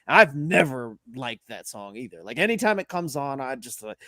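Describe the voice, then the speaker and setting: A man's voice: mid-range voice, normal speed, dry recording. A man co-hosting a casual sports podcast who rants in an opinionated way. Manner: animated, opinionated ranting. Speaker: podcast co-host. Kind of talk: casual chat.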